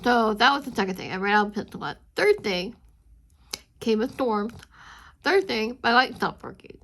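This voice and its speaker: A woman chatting casually with viewers while she inks a drawing, rambling and chatty, with a high squeaky voice. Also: animated, moderate pace, fairly bright tone. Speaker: art channel host.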